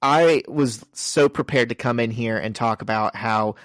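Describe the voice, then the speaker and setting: A man co-hosting a chatty podcast, running through the story and tossing off the characters' lines. His voice sits at an ordinary middle pitch. The recording is dry and close, with no room sound. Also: no echo. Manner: reads out comic dialogue in quick summaries. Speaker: podcast co-host. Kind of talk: casual podcast chat recapping a comic.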